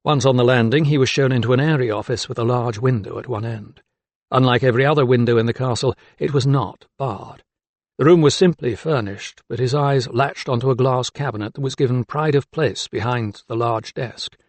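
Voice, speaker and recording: Gravelly male audiobook narrator. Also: medium pitch, no echo. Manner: even, measured storytelling. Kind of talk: scripted narration. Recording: dry close studio sound.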